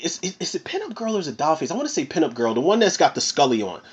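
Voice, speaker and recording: A man's voice: fairly high pitch, very fast, slightly rough, highs cut off. Profane ranting male movie reviewer. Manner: profane, rambling, animated. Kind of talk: casual ranting film review.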